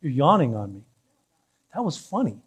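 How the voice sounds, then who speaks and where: A man's voice: medium pitch, big pitch swings, moderate pace, slightly rough. A male pastor preaching a sermon in church, teasing the congregation and building to fervent calls.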